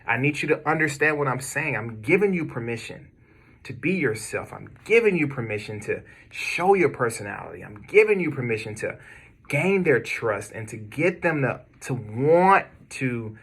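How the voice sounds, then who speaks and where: A man's voice: medium pitch, very animated, moderate pace, fairly bright tone, breathy edge. An American man giving his cold-calling team an emphatic, repetitive motivational training talk to camera. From United States. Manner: emphatic, repetitive, direct pep-talk delivery. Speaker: business owner coaching cold callers. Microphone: camera video, speaking to viewers.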